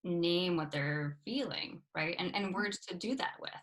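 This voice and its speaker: A woman's voice: fairly low pitch, animated, unhurried, fairly bright tone. A woman co-hosting a casual conversation, thinking aloud in a reflective way. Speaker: co-host.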